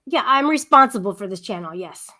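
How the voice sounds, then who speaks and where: A woman's voice: medium pitch, animated, brisk, bright, forceful tone. A woman hosting a casual livestream chat, talking in a rambling, giggly way with frequent restarts. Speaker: livestream host.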